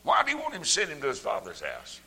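An older man preaching a sermon, folksy and plain-spoken, his voice swelling up into shouts. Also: on the high side, huge pitch swings, fast talker, in a large hall, slight background noise.

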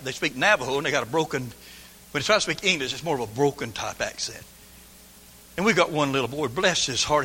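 A man's voice: fairly high pitch, bright, forceful tone, a little hiss or hum. A man preaching a folksy, emphatic sermon, sometimes mimicking his listeners' excuses. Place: church sanctuary. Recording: long hall reverb.

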